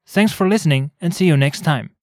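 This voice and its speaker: A man co-hosting a scripted language lesson, explaining clearly and spelling words out letter by letter. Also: a little high, a little fast, background noise.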